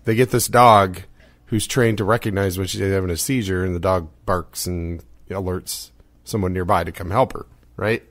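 A man's voice: deep voice, steady tone, moderate pace, fairly bright tone, no echo. A middle-aged American man hosting a podcast, chatting casually, laughing often and rambling. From United States. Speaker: podcast host.

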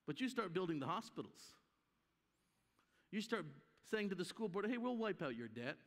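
A very animated guest preacher with a high voice talks at a normal pace through an emphatic conference sermon, imitating the voices of people in his story. The church hall recording is live, with a long reverb tail.

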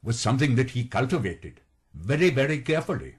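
A man in his late sixties, raised in Scotland, speaking with an English received pronunciation accent in a measured, anecdotal radio interview, recorded as an archival radio broadcast. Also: mid-range voice, big pitch swings, breathy edge. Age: 60s. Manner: measured, anecdotal, slips into quoted voices. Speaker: actor being interviewed.

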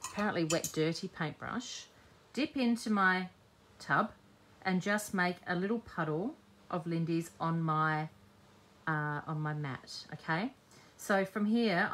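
A woman's voice: on the low side, a bit bright. A woman hosting a live-streamed crafting demo, chatting cheekily with her viewers as she works. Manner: chatty, cheeky, talks while working. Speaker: scrapbooking host.

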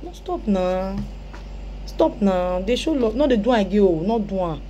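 Woman, Nigerian Pidgin accent, mellow low-bright tone, scolding, faint background hiss. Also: lively intonation, moderate pace, lo-fi sound. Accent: Nigerian Pidgin English. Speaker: commentator. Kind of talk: commentary reacting to a clip.

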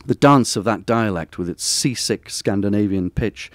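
A man with a low voice reads his own essay aloud at a bookstore event. His delivery is measured and wry, with a literary cadence. The sound is dry and close. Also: no room sound. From Durham, northern England. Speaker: author reading from his book. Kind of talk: reading aloud from a personal essay.

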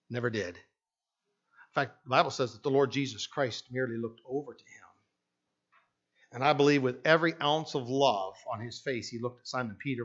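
A pastor with a Canadian English accent preaches a sermon, shifting from hushed tones to loud, emphatic passages and acting out the voices in his stories. His voice is medium in pitch, and the recording sounds muffled.

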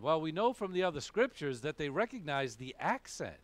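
A pastor from New England preaches in a thick Boston accent. His delivery is casual and conversational, sprinkled with "okay?" asides. His pitch swings lively up and down through the sermon. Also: moderate pace, no echo. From New England, USA.

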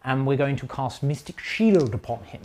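A woman's voice: extremely low pitch, moderate pace, a little hiss or hum. A woman playing a tabletop wargame and talking through each move with playful jokes. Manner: jokey, animated, explains each move. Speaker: tabletop game player and presenter. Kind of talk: playful battle report commentary.

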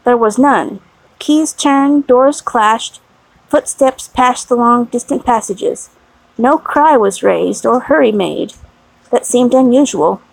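Gravelly woman reading a classic novel. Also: a little high, slow, no room sound, poor audio. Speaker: audiobook narrator.

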